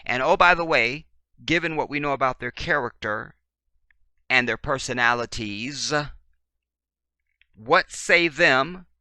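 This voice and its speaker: A man delivers a preachy commentary monologue with a lively, rising and falling voice. He hammers his points through repetition, jumping from near-shouts down to low murmurs. His tone is bright and forceful, and the recording is dry. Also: smooth, no room sound. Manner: swings from loud to very quiet. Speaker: commentary channel host.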